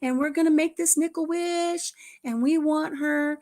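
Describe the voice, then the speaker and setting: A woman's voice: high-pitched, steady tone, a little slow, darkish tone, voice pushed up. A woman voicing a stranger who blesses a coin in the fervent, exclaiming manner of a revival preacher.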